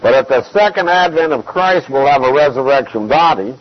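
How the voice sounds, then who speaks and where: A man giving an expository Bible teaching, measured and emphatic, repeating key phrases to drive points home. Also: on the high side, lively intonation, lo-fi sound.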